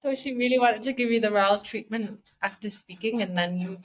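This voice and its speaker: A woman's voice: medium pitch, a little fast. A woman co-hosting a podcast, chatting casually and thoughtfully explaining her point of view. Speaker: podcast co-host. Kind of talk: casual chat.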